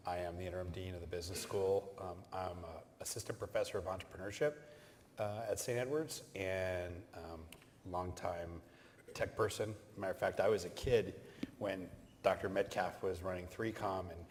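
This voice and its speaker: A man's voice: low voice, moderate pace. A man introducing himself on a panel in an easygoing, joking way. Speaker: interim dean, panelist. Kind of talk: panel discussion. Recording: reverberant hall, faint room noise.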